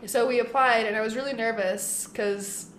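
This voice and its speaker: A woman's voice: on the high side, moderate pace, a little hiss or hum. A nineteen-year-old woman, a punk band member telling stories in a casual podcast chat, laughing often. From Canada. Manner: chatty, animated storyteller, laughs often. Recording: echoey room.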